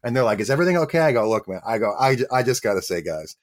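A middle-aged man speaks as an actor guest on an interview show. His voice sits at a medium pitch, and he tells his story with energy, acting out every line of dialogue himself. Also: sing-song, racing. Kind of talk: interview anecdote.

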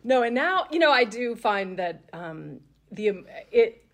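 A woman's voice: a little high, sing-song, unhurried. A woman co-hosting a Bible discussion, musing reflectively in trailing phrases.

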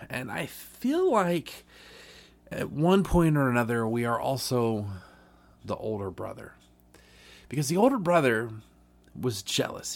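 Earnest man giving a short sermon. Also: medium pitch. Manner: earnest, conversational, with many restarts. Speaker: podcast preacher. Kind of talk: Bible reading and devotional sermon.

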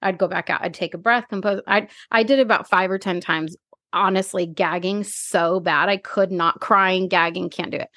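A woman in her thirties co-hosting a casual podcast, telling stories with animated quotes and playful exaggeration. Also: on the low side, normal speed, no echo, studio quality. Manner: animated storyteller, acts out her own gagging and quotes. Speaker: podcast co-host. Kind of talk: casual chat.

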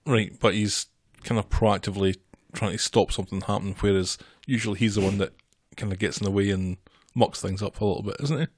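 A woman's voice: very deep voice, fast, few pauses, a little mellow, slightly rough, no room sound. A woman in casual chat, making dry, teasing asides as she listens to a story.

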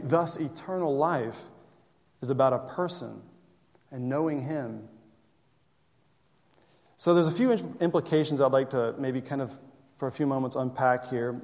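A man's voice: mid-range voice, darkish tone. A man preaching a sermon as pastor, conversational and full of rhetorical questions. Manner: conversational, asks rhetorical questions, restarts phrases. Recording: long hall reverb.

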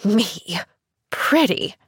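A woman's voice: mid-range voice, takes it slowly, vocal fry, breathy edge, no echo, exaggerated voice. Woman voicing a sour bedridden woman. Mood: grudging. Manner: sour and dry, grudging. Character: bitter, grudging bedridden woman of forty.

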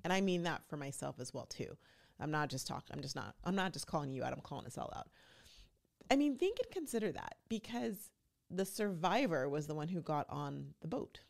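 A woman's voice: deep voice, brisk, gravelly. A woman hosting a podcast, chatting casually and with strong opinions, acting out quotes as she goes. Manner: animated, opinionated, acts out quotes. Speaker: podcast host. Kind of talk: casual recap chat.

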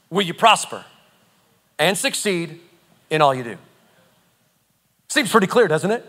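Guy preaching, lively and emphatic, repeats himself a lot, bright clear voice. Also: high voice, a little slow, pauses often. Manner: animated, emphatic, repeats phrases. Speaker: pastor. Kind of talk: sermon teaching.

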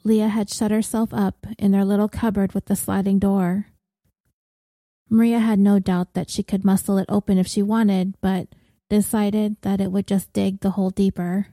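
A woman narrating fiction in a measured, even way. Her voice is mellow and dark, the pace slow, and the recording close and dry with no room sound. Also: mid-range voice, no echo. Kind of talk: audiobook narration.

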